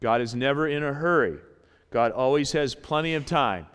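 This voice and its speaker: A man preaching a sermon in a church, animated, repeating his points and acting out little voices. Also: medium pitch, normal speed, smooth, big-room sound. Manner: animated, repeats phrases, acts out voices in quotes. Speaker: pastor. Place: church sanctuary.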